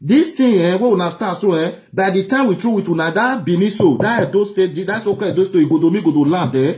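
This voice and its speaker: A Nigerian man broadcasts an angry political rant. He repeats his points and mocks his target. His voice sits high but sounds warm and mellow. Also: quick pace. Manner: angry, repetitive, mocking. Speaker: online broadcaster.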